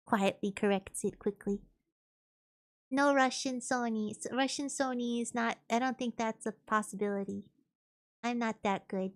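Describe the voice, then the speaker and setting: A woman's voice: a little high, a little slow. A woman streamer chatting casually while gaming, thinking aloud and answering chat.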